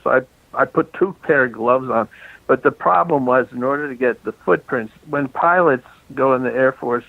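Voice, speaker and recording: Speaking by phone in a relaxed interview, an older film director rambles through anecdotes in an unhurried, medium-pitched voice with vocal fry. He chuckles, starts sentences over, and is a little out of breath from moving around, all on a tinny, dry line with no room sound.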